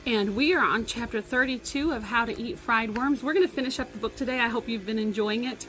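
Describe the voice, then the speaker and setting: A woman teacher reading a novel aloud to her class in expressive storytelling, recorded at home for a lesson. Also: a little high, brisk, low-quality recording.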